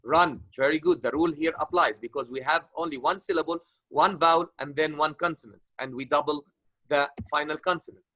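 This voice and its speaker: A man's voice: on the high side, a little fast, pushed and bright, dry recording, low-quality recording. Patient male teacher with a dry sound. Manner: patient, repeats points, many fillers. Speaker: English teacher. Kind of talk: online grammar lesson.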